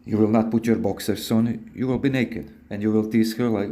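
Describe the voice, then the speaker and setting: A man's voice: fairly low pitch, level tone, fairly quick, few pauses, dark tone. A man hosting a podcast, giving advice in a rambling, casual, instructive monologue with frequent restarts. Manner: rambling, repeats words and restarts often.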